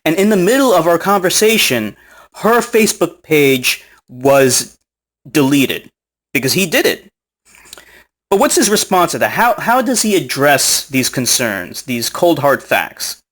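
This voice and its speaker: A man's voice: on the high side, very animated, measured pace, a bit bright. A man recounting an online argument in casual commentary, mocking, sarcastic and profane, often breaking into laughs, recorded on a smartphone.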